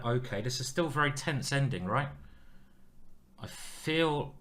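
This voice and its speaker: A man commentating live on his own blitz chess games in a playful, self-mocking and excitable way. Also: medium pitch. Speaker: chess streamer playing a blitz match.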